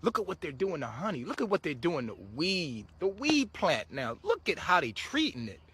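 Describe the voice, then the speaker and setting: A man's voice: a little high, sing-song, moderate pace, noisy background. A man giving a casual spiritual monologue to his viewers, preachy and swearing freely, often breaking into laughter. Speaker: spiritual vlogger.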